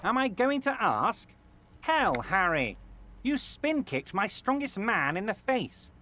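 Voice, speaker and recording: An actor playing a smooth-talking, self-important male boss in a video game, falsely reassuring and pompous. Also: sits high, very animated, slow pace, bright, forceful tone, slight background noise, heavily acted. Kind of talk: video game character acting.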